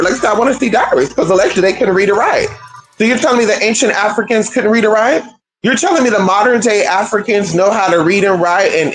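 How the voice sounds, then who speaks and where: A livestream host ranting to viewers in an animated, rhetorical way, firing off question after question and swearing freely. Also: medium pitch, rough recording. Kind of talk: livestream rant.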